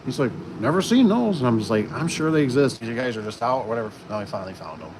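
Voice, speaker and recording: The recording stays noisy from start to finish, with an air conditioner humming and vehicles going by. Over it, a garage door installer hosting a casual livestream talks rapid-fire in a mid-range voice, rambling and circling back with restarts and fillers.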